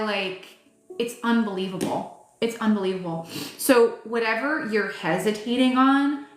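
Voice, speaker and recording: A woman's voice: medium pitch, a bit bright. A woman reading tarot live, talking to her viewers in a casual, emphatic way, full of fillers and restarts and the odd swear word. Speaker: tarot reader. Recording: roomy echo with faint music behind.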